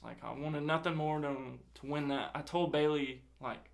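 Hardly pausing, a young man with a fairly high, gravelly voice shares a personal story at a moderate pace. The casual, animated retelling is laced with swearing and acted-out dialogue.

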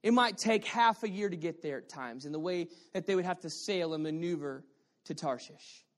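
A man delivers an animated sermon that swings between hushed, confiding asides and loud, shouted declarations. He jokes with his listeners and keeps checking that they are with him. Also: on the high side, moderate pace. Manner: playful, banters with the congregation. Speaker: pastor.

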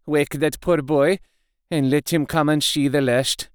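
A man's voice: on the high side, steady tone, a little slow, clean tone, no room sound, clean studio sound, lightly acted. A man reading aloud, voicing a stern older professor in a firm, grave way.

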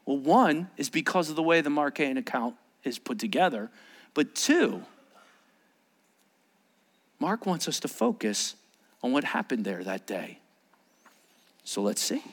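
Animated male pastor preaching. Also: mid-range voice, unhurried, pauses often. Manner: animated, acts out shouted quotes. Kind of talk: sermon.

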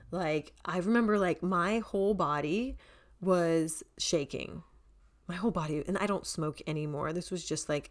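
A woman in her forties, a podcast host telling a story in a chatty, lively way and swearing freely. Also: fairly low pitch. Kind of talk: casual storytelling.

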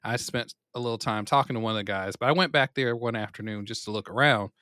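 A man's voice: medium pitch, fast, no room sound, clean studio sound. A man co-hosting a podcast, chatting casually and telling an anecdote, acting out the people in it. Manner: animated storyteller who acts out quotes. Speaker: podcast co-host. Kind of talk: casual chat, storytelling.

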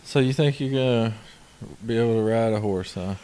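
A man's voice: medium pitch, a little fast, warm tone, clean tone. A man on a casual podcast who teases his co-host and chimes in with wry remarks. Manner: teasing, wry. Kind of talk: casual chat.

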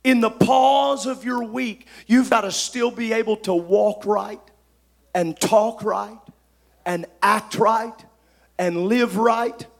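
A man preaching a sermon, emphatic, swinging from shouted lines to soft asides. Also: high-pitched, slow, creaky.

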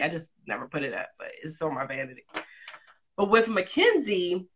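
A woman, a mother of two, telling a personal story in a candid, lively, casual way with quick asides. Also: low voice, slightly rough, highs cut off. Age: adult, mother of two.

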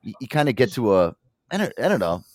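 A man's voice: mid-range voice, very animated, fast talker, no room sound, clean studio sound. A man hosting a podcast, telling loose, profane stories full of restarts and "you know.". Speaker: podcast host. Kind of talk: casual storytelling chat.

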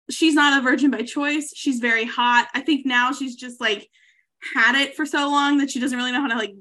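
A woman co-hosting a casual chat podcast, telling a rambling story with frequent laughter and easy swearing. Her voice sits high and sounds bright and forward. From Savannah, Georgia. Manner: chatty storytelling, laughs often, swears freely. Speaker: podcast co-host.

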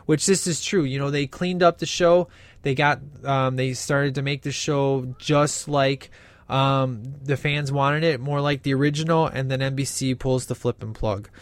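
A man's voice: mid-range voice, steady tone, moderate pace, no echo. A man giving casual, sarcastic comedic commentary, answering viewer remarks. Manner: sarcastic and casual, says flippin'.

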